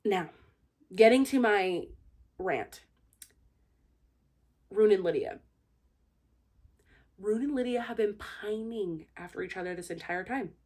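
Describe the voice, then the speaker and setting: A woman's voice: medium pitch, takes it slowly, long pauses, darkish tone. A young woman giving a casual spoiler-filled book review, gushing and acting out the characters' lines with lots of "like". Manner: peppers her speech with "like".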